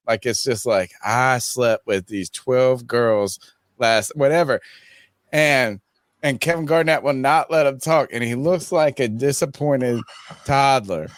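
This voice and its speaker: A man co-hosting a podcast, excitedly retelling and laughing about a clip he is playing. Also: mid-range voice, unhurried, no room sound, studio quality. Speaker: podcast co-host. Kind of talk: casual chat reacting to a clip.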